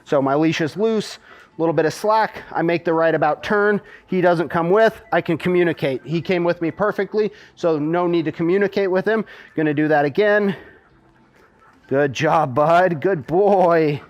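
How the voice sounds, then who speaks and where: A man teaching dog heel work, explaining calmly while he walks a dog. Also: a little high, normal speed, muffled recording. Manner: calm, explanatory, talks while walking a dog. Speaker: dog trainer. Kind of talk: instructional demonstration.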